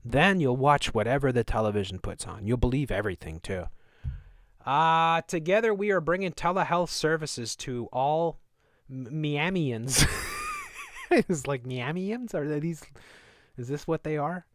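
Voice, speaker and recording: A man's voice: a little high, expressive, normal speed, no echo, studio quality. A man hosting a live stream, reading news aloud and mocking it with sarcastic asides. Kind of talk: live commentary on news clips.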